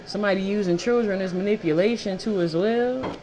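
Her voice is warm, medium in pitch, and a little fast as she gives a laid-back tarot reading. Fired up and foul-mouthed, this reader speaks bluntly and hammers her points home by saying things more than once.

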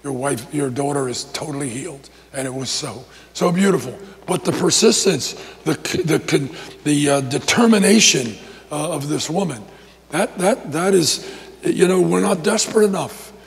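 Male pastor preaching in storytelling mode, gravelly voice, in a reverberant church hall. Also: on the high side, normal speed. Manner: animated storytelling with repetitions and restarts. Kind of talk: sermon.

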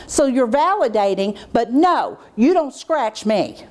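A middle-aged woman leads a teacher training workshop in a lively lecture style. When she acts out what she tells children, her voice drops low and becomes measured.

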